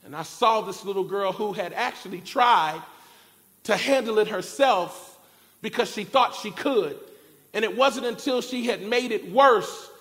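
A man preaching a sermon, telling a family story in an animated way and acting out shouted cries. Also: high voice. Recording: long reverb of a large hall. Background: keyboard music.

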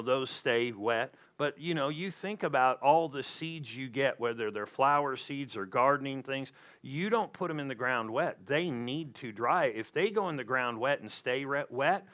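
A male pastor delivers his sermon at an unhurried pace, the way someone chats with his listeners. His voice is bright and forward, and he keeps repeating key phrases to drive them home. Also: mid-range voice. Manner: conversational preaching with emphatic repetition.

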